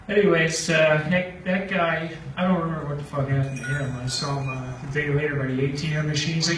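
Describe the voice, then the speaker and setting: A man's voice: on the high side, brisk, hardly any pauses, noisy background. Rambling stand-up man in an echoey room. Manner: rambling, laughs at his own jokes. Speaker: stand-up comedian. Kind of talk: stand-up storytelling. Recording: echoey room from far off with faint ambience.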